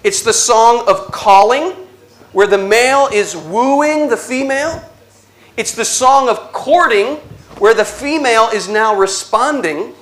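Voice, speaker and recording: A man giving an inspirational religious talk, telling stories slowly with dramatic pauses and a playful, animated delivery. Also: very high-pitched. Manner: slow dramatic storytelling with pauses. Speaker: Catholic speaker.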